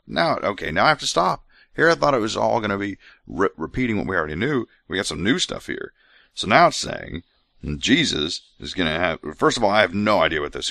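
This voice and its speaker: A man's voice: sits low, gravelly, bright, forceful tone, dry recording, clean studio sound. A man hosting a podcast who reads scripture aloud in a mock-solemn voice and breaks off for sarcastic, irreverent commentary. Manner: sarcastic, irreverent, mocking asides between readings. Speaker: podcast host. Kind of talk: comedic scripture reading and commentary.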